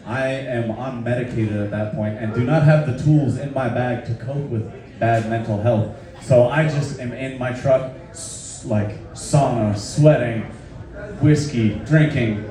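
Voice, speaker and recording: A man's voice: mid-range voice, a little slow, a little mellow. A man telling a loose, profane, self-mocking story on stage between songs. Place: live venue with audience. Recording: echoey live room, far off, crowd. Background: crowd laughing.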